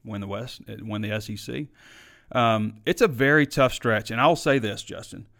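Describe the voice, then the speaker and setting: A man's voice: fairly low pitch, normal speed, a bit bright. Opinionated male sports talk host. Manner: opinionated, conversational, frequent fillers. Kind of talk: live sports talk reading viewer comments.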